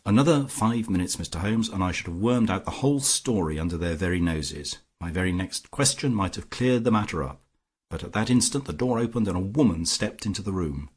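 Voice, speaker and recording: A man reading a classic detective story aloud as an audiobook narrator, in a measured first-person telling. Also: deep voice, expressive, husky. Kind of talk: scripted narration.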